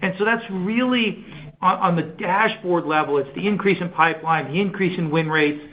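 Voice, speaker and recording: A man's voice: high-pitched, moderate pace, dull audio, slight background noise. A man, a company executive, answering analyst questions on an earnings call in an enthusiastic, conversational way with many fillers.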